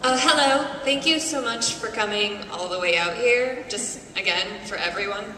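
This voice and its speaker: A woman's voice: a little high, moderate pace. A woman in the audience asking a question at a fan panel, polite and a little hesitant. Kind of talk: questions from the floor. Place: large convention hall with an audience. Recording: echoey hall, distant mic, crowd noise.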